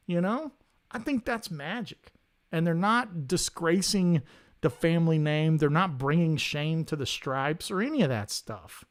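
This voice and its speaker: A man, hosting a casual guitar livestream, talking in an animated, rambling way and often repeating his words. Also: fairly high pitch, measured pace. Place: home studio.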